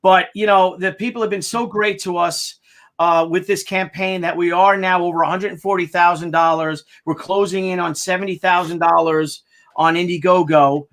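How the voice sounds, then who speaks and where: A man's voice: sits high, steady tone, normal speed, fairly bright tone. An American man hosting a casual crowdfunding update, rambling and joking, often stumbling over his words. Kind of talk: casual chat.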